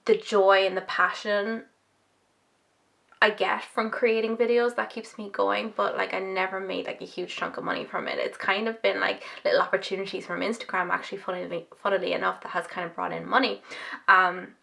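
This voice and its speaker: A young woman talks through a relaxed Q&A vlog while applying her own makeup at home. She rambles from one thought to the next, full of fillers and self-deprecating asides, with a gravelly fry under her mid-pitched voice. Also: brisk. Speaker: makeup YouTuber. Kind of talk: casual chatty Q&A vlog.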